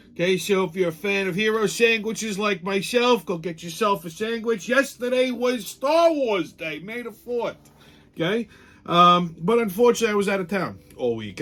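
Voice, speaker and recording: A man's voice: high voice, fairly bright tone. A middle-aged man, hosting a casual monologue show, blunt, profane and ranting. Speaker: podcast host.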